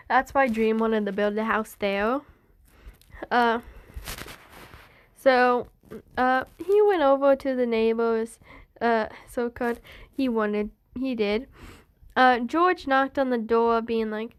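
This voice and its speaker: Young woman, casual storyteller, rambling delivery, high-pitched and unhurried. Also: smooth. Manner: rambling, full of fillers and restarts. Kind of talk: casual fan-story telling.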